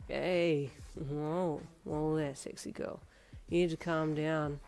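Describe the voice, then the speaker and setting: A woman voicing a drunk young man who slurs and mumbles softly, sheepish, in a fan fiction audio story. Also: little pitch movement, moderate pace, creaky. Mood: slurring. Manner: slurred, mumbling, low and soft. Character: drunk slurring young male boyfriend, sheepish.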